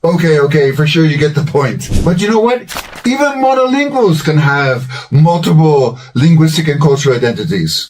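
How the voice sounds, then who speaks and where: A man in his sixties or older, giving a measured, scripted educational talk as a language-learning host. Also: on the high side, distant mic, slight background noise, poor audio. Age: 60s or older. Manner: measured, explanatory delivery.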